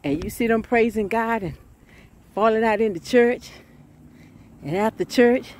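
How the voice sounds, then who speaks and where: A woman preaching an informal sermon, fervent and chatty, often breaking into laughs and shouted exclamations. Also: a little high, unhurried, slight background noise.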